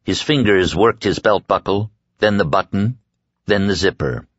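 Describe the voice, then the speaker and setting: A male audiobook narrator with a very deep, low voice, reading in a measured and steady way. The recording is dull and lo-fi, completely dry with no room sound, and it stays close to the mic. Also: slightly rough, no room sound. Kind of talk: scripted narration.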